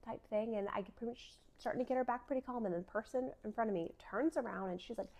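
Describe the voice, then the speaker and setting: A woman's voice: fairly high pitch, quick pace, darkish tone. A woman in her thirties telling a personal faith story in a casual, chatty way, with lots of filler words and frequent laughter. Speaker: vlogger sharing a faith story.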